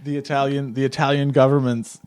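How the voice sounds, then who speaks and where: A man's voice: medium pitch, flat delivery, a little fast, a little mellow, smooth. A man hosting an improvised comedy podcast interview, rambling and stammering, often cracking up. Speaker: podcast host.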